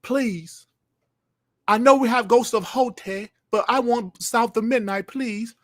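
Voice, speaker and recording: A man's voice: very high-pitched, measured pace, no room sound, studio quality, voice pushed up. A man putting on a mock British accent to play a male fan who begs in a whiny, pleading voice. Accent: put-on British. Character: mocking fake-British male fan begging.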